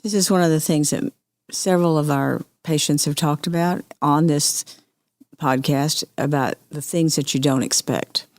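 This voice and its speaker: Woman podcast host, deep with some fry, attentive interviewer, dry sound. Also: steady tone, normal speed, darkish tone, no room sound. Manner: attentive, frequent affirming murmurs.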